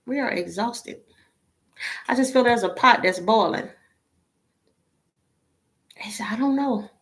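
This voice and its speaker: A woman with a fairly high voice talks straight to her viewers in a casual monologue. She sounds drained and worn out, exasperated and blunt, and swears freely. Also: takes it slowly, a bit bright. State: emotionally drained. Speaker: tarot reader.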